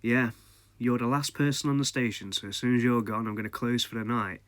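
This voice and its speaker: A man voicing a matter-of-fact male railway station worker in a low, plain voice. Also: a little fast, fairly bright tone, close to an everyday voice. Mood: offhand.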